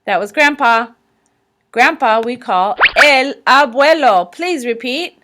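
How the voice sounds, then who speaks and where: Woman, teacher, slideshow lesson, slow and deliberate, somewhat high voice, repeat-after-me prompts. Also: noisy background. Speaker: language teacher.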